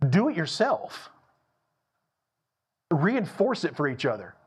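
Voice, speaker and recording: Man, pastor, emphatic sermon, repeats phrases for stress, higher-pitched voice, church sanctuary. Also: wildly swooping pitch, slightly rough. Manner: emphatic, repeats phrases for stress, shifts between slow and fast delivery.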